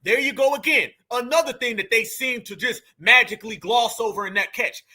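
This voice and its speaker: Fiery bright-voiced man. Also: extremely high pitch, fairly quick. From United States. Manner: fiery, blunt, profane, addresses viewers as family. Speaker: commentary show host. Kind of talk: heated reaction commentary.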